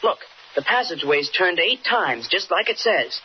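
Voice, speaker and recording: An actor playing an eager, excitable teenage boy reporter in a 1940s radio drama, heard on an old radio recording. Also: high voice, moderate pace, dull audio, a crowd in the background.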